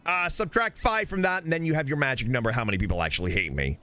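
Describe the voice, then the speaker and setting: A man's voice: mid-range voice, lively intonation, quick pace, pushed and bright, faint music behind. A man voicing an eager, overly polite role-play character in his mid-thirties who keeps calling others sir. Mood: chatty.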